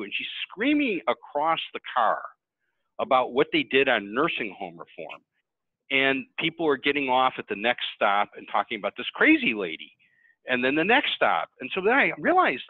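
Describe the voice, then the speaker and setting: A man speaking as a webinar panelist, telling stories in an animated, conversational way over tinny call audio. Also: mid-range voice, normal speed, no room sound. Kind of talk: webinar storytelling.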